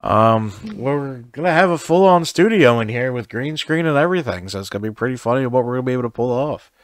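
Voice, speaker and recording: A man of middle pitch co-hosts a casual podcast from his home studio office. He rambles loosely, trails off mid-thought and drops casual swears. The sound is close and dry, with no room echo. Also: animated, fast. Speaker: podcast co-host. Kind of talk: casual chat.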